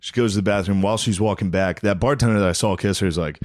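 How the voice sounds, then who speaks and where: A man's voice: fairly low pitch, fast, no room sound. A man telling crude, profanity-laden stories in casual chat, often laughing.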